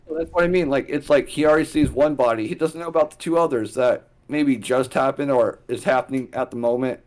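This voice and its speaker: A man co-hosting a podcast, working through ideas out loud. He talks through scenarios step by step in a casual, conversational way. His voice is at a middling pitch for a man. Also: a little fast. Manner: thinks aloud and steers the story logic. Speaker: podcast co-host. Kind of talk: casual brainstorming chat.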